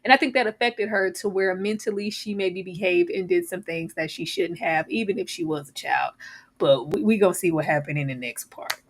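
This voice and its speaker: A woman hosting a casual live-stream discussion over a video call, animated and quick to laugh. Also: lowish voice, a little hiss or hum. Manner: animated, laughs often, trails off. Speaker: host.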